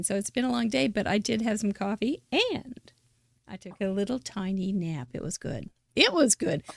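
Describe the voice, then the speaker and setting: A woman's voice: fairly high pitch, gravelly, no echo, studio quality. A woman hosting a live crafting show, chatting casually, teasing her guest and laughing often. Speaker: host. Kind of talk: casual live-stream chat.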